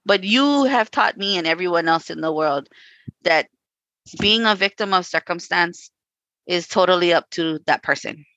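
A woman's voice: lowish voice, moderate pace, a bit bright, dry recording, dull audio. A woman co-hosting a casual talk, telling stories with acted-out quotes and frequent "you know" and "like". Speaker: podcast co-host. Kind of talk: casual conversation.

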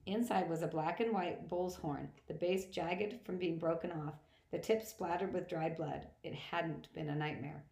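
Woman narrating, low voice, roomy echo. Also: normal speed, gravelly, few pauses. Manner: plain, steady reading with small restarts. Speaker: audiobook reader. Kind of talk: first-person novel narration.

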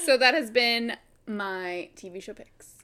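A woman's voice: fairly high pitch, unhurried, clean tone. A woman co-hosting a podcast, joking playfully in casual chat. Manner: playful, giggly. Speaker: podcast co-host. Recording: loud background noise.

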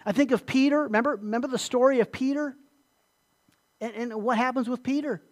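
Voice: high voice, a little fast. Emphatic pastor preaching a sermon. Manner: emphatic, repeats words, asks listeners questions.

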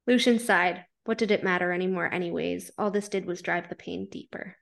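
A woman's voice: on the low side, fairly even intonation, normal speed, creaky, hardly any pauses, a bit bright. A woman podcast co-host who reads fanfiction aloud, then chats casually, swearing freely and laughing as she reacts.

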